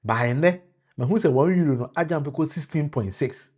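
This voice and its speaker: This Ghanaian-accented man has a fairly high, darkish voice and talks at normal speed. Addressing a live-stream audience with political commentary, he switches between Twi and English, restarts phrases, and greets viewers by name.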